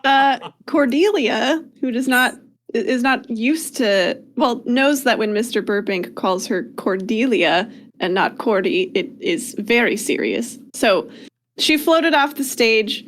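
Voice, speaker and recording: Casting: chatty, hesitant woman player narrating a tabletop scene, slightly high voice. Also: expressive, slow pace.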